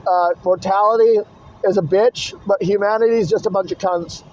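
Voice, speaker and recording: Filming himself on a phone clipped into a car holder, this vlogger talks in a high-pitched, darkish voice that stays steady at normal speed. He rambles casually, blunt and cursing nonstop, and the in-car phone audio sounds dull and lo-fi.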